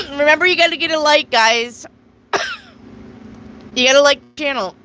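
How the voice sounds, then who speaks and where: A woman's voice: sits high, moderate pace, sharp tone, rough recording. A woman hosting a casual live tarot reading, chatty, reading viewer questions aloud and answering them. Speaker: tarot reader.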